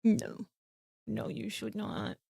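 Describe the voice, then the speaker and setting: A woman's voice: slow, dry recording. A woman streamer giving chatty, jokey let's-play commentary as she plays. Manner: animated, chatty, jokey reactions.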